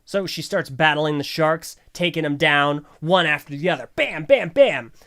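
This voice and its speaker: A man's voice: fairly high pitch, steady tone, normal speed, bright, forceful tone, clean tone. This is a man hosting a casual podcast. He recaps a cartoon episode in a sarcastic, joking way and keeps interrupting himself. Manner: jokey, sarcastic. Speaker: podcast host.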